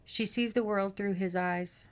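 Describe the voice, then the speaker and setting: Reading a horror novel on her podcast, a woman speaks at a medium pitch with a measured, even pace. She keeps the narration plain and steady, pausing for friendly remarks to her co-host.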